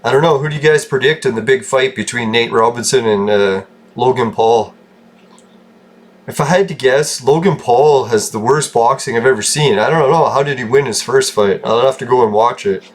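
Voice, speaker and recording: A man's voice: mid-range voice, normal speed. Rambling, joking man from Canada. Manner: rambling, joking, laughs often, swears. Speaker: gaming channel host. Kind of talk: casual gameplay commentary.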